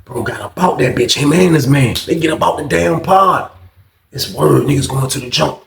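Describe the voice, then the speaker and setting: A man's voice: a little high, moderate pace, vocal fry. A man from Virginia telling a street story in a casual, profane way, acting out the people in it. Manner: animated, profane, acts out other people. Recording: roomy echo.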